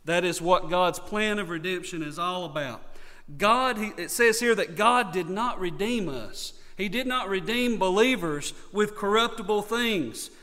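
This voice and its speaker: High-voiced Southern man preaching. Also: a little slow, bright, forceful tone, big-room sound. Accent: North Carolina Southern. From North Carolina, USA. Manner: earnest preaching with emphatic repetition. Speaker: pastor. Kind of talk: sermon.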